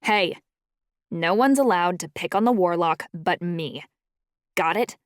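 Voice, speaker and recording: A woman's voice: sits low, moderate pace, no room sound, clean studio sound, natural voice. A woman voicing a fierce, hot-tempered young woman shifter who talks sharply. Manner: sharp, snapping.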